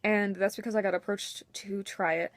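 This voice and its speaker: A woman's voice: medium pitch, steady tone, moderate pace, dry recording. Candid young woman vlogging, dry sound. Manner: candid, emotional, self-mocking. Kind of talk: personal talk to camera.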